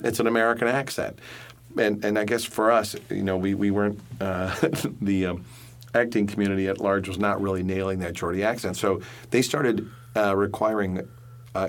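Guy w a lowish voice, actor in an interview, keeps restarting his sentences then gets going. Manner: halting, with many restarts, then animated bursts. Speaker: stage actor. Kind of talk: casual interview storytelling.

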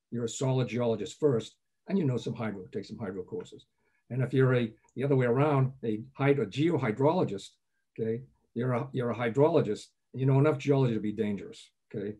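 An older man speaks quickly in a mellow, husky voice, and he tells chatty anecdotes as an interview guest. He keeps dropping little "okay?" checks into his talk. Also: medium pitch. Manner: chatty, anecdotal, frequent "okay?" asides, chuckles often. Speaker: guest, groundwater professor. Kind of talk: relaxed storytelling interview.

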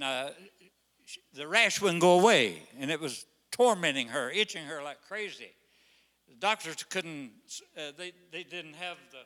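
An older man, a pastor, telling folksy stories in a sermon, halting on fillers, then bursting out loud to the congregation. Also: on the high side. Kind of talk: storytelling sermon. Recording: long hall reverb.

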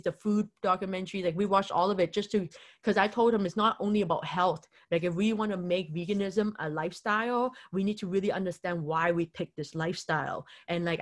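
Chatty young woman telling a story. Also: lowish voice. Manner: chatty, constant "like" fillers, acts out quotes. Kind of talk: casual personal storytelling.

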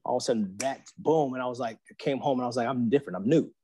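A man's voice: medium pitch, rapid-fire, slightly rough. Slangy storytelling man telling his testimony. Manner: slangy, animated storytelling that acts out quoted voices. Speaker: guest. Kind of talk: personal faith testimony.

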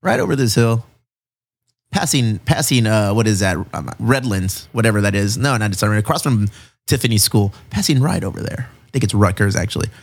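A man hosting a casual chat, telling stories in an animated, profane way, full of slang. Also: lowish voice, a little fast, slightly rough. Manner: animated, profane storytelling with lots of "bro" and "dude". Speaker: podcast host.

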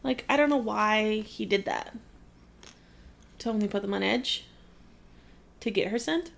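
A woman's voice: medium pitch, creaky. A woman chatting casually while watching a film with a friend, sarcastic and giggly. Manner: sarcastic, giggly, quick comebacks. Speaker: co-host reacting to a film. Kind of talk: casual watch-along chat.

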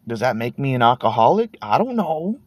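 A man's voice: mid-range voice, sing-song, fairly quick, darkish tone, dry recording. A man in his thirties from Texas, rambling laid-back and cursing casually while sitting in his parked car. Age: 30s. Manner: laid-back, meandering, swears casually, trails off and repeats words. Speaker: podcast host.

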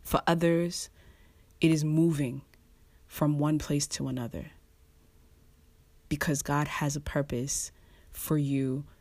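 A preacher giving casual devotional teaching, pausing often, repeating words and chuckling between thoughts. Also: medium pitch, level tone, darkish tone, dry recording. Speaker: online preacher.

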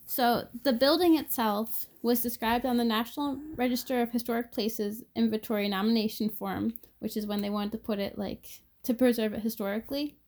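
Relaxed woman co-hosting a podcast. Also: on the high side, brisk, few pauses. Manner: relaxed, filler-heavy, laughing easily. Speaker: podcast co-host. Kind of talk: casual podcast chat.

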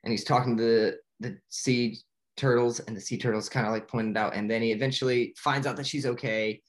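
A young man talks through a film's plot in a loose, casual way, stumbling over his words and filling gaps with "like". He keeps breaking into quick, excited bits where he acts out the characters' lines. His voice sits in an ordinary middle pitch. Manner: rambling, filler-heavy with frequent "like"; quick bursts of excited acted-out quotes. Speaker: movie recapper. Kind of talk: casual spoken movie recap.

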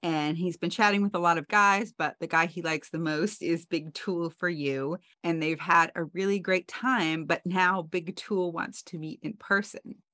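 A woman with a low voice recaps a TV episode for her podcast, telling it like a story to a friend and dropping wry asides along the way. The sound is dry and close. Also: steady tone, unhurried, few pauses, pushed and bright, no echo. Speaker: podcast co-host.

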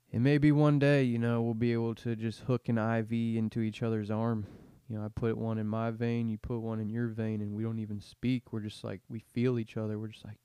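A man's voice: on the low side, mellow, clear, resonant tone, no echo, studio quality. Profane young man ranting on a podcast. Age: 20s. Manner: profane, slangy, meandering rant. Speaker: podcast host. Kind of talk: casual rambling monologue.

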